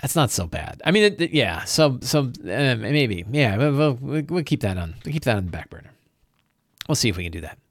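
A man's voice: mid-range voice, very animated, moderate pace, no echo, studio quality. A man acting as game master, casually thinking aloud on a livestream, often checking in with "right?" and restarting his phrases. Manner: frequent restarts and repeated words.

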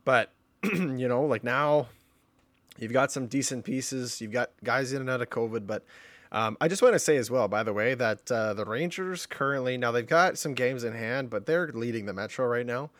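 A man co-hosting a sports podcast, chatting casually and hesitantly, often trailing off quietly. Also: medium pitch, moderate pace, dry recording. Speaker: podcast co-host.

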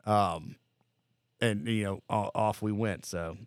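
A man's voice: fairly low pitch, steady tone, slow, no room sound. A man telling boot camp stories in casual, rambling, profane podcast chat. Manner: rambling, laid-back, profane. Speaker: podcast guest, former Marine recruit. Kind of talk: casual storytelling.

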